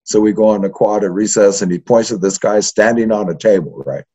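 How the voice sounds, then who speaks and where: A man's voice: on the low side, brisk, breathy edge. An older man, a history professor, telling profane stories from his youth in a casual interview, with constant "right?" tags. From East Los Angeles. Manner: profane, animated, keeps adding "right?". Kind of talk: casual storytelling. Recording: dull lo-fi sound.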